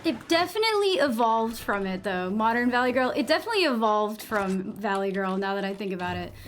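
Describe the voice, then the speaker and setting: A woman's voice: fairly high pitch, sing-song, fairly quick, slight background noise. A young woman with a New England accent chatting casually while gaming on a live stream, rambling, saying "like" a lot and swearing freely.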